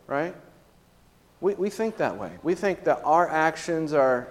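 A man's voice: fairly high pitch, unhurried, in a large hall. A man preaching a sermon as pastor, in a conversational way with frequent tag questions and fillers.

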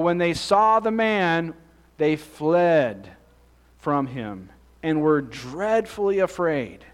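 A man preaching a conversational Bible-teaching sermon, reading scripture and asking the congregation questions. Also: high voice.

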